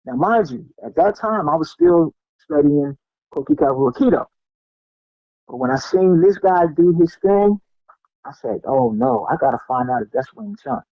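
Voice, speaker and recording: Middle-aged man, animated storyteller with a fairly high voice, dry and muffled lo-fi sound. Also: normal speed, no room sound. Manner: animated, lots of fillers and restarts, acts out what people said. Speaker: podcast guest, martial artist. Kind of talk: casual storytelling.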